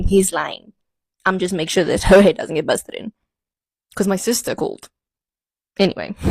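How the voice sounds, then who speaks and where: Recorded with no room sound, a young woman with a medium-pitched voice shares a personal story to camera for a storytime vlog. Her delivery is dry and sardonic, with a catchphrase she keeps returning to between beats.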